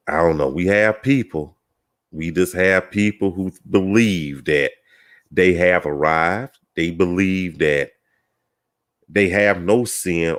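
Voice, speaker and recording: A low-voiced man hosts a Christian panel talk in a relaxed, folksy way. He speaks slowly, with plenty of "you know" fillers and a chuckle now and then. His tone stays casual and conversational. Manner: rambling with fillers, gets tongue-tied. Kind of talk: casual panel discussion opener.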